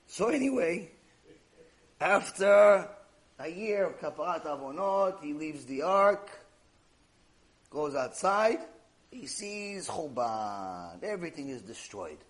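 High, lively-voiced male Torah teacher. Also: slow pace, long pauses. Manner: animated storytelling, acting out dialogue. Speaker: Torah lecturer. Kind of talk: Torah class lecture.

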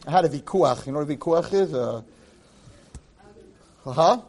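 Male rabbi, animated lecturer, raised pitch that rises and falls widely, acts out quotes as he teaches. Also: moderate pace. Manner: mixes Hebrew phrases into English. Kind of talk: Torah class, lively storytelling.

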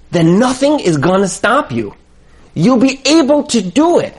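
Male marriage coach, preacher-like and repetitive, with a voice that swings widely in pitch. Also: big pitch swings, unhurried, slightly rough. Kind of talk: motivational talk.

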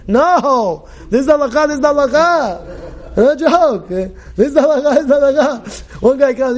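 Teaching Torah at a quick pace, a rabbi speaks in a fairly high voice with animated emphasis. Rhetorical questions pile up, punctuated by loud outbursts.

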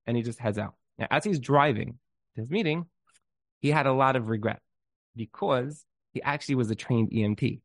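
A man giving an inspirational talk, telling a story in an animated way and often restarting his words. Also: mid-range voice, brisk, dry recording.

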